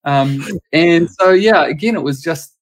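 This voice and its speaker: A man speaks as a pastor and sports chaplain in a relaxed interview. His pitch sits mid-range. He tells stories with animated asides and acts out the voices of people he quotes. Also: brisk. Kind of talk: casual storytelling interview.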